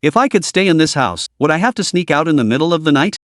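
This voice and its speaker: Guy playing a young guy on the defensive, pleading, voice kinda high. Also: animated, fast, dry recording, studio quality, lightly acted. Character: defensive, apologetic young man caught out.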